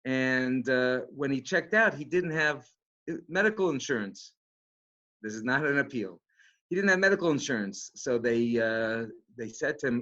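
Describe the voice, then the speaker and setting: A rabbi speaking in a casual, halting way with many restarts and fillers. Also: male voice, mid-range voice, animated, pushed and bright. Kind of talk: casual talk. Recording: dull lo-fi sound.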